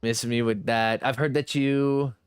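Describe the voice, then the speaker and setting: Clear and resonant, a man's voice keeps a fairly even intonation and measured pace while he streams a game, yet still swings between high and low pitch at moments. He reads viewers' messages aloud, thanks them, and jokes about himself in easygoing chat. No echo, studio quality.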